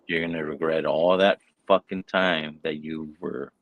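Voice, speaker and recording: Host type: low-voiced man, loose rambling delivery, swears in nearly every line, casual backyard chat. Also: steady tone, a little slow, no room sound, narrow, tinny audio. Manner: profane, rambling storyteller. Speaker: podcast host.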